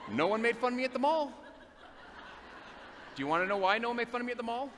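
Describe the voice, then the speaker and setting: A man giving a motivational talk, telling a story and asking the audience questions in an animated way. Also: extremely high pitch, fast. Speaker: motivational speaker. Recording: long reverb of a big hall, faint noise.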